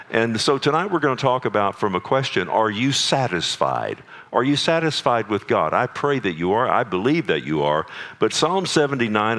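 A pastor delivers an evening sermon in his church, his low voice carried by a microphone. He reads scripture with earnest, dramatic weight and stops to explain each verse. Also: a bit bright. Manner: earnest preaching with dramatic scripture reading and asides to the sound man. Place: church sanctuary. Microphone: microphone on a sound system.

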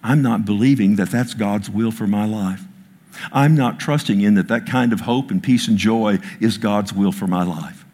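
Husky-voiced man preaching with dramatic swings. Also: lowish voice, normal speed. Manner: dramatic preacher, swings from loud declaring to hushed whispers; quotes scripture and asks the crowd for amens. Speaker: pastor. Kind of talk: sermon with audience interaction.

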